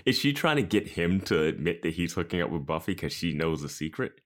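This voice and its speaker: A man's voice: deep voice, very animated, a little fast. A man co-hosting a podcast, adding dry asides in casual chat and laughing often. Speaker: podcast co-host.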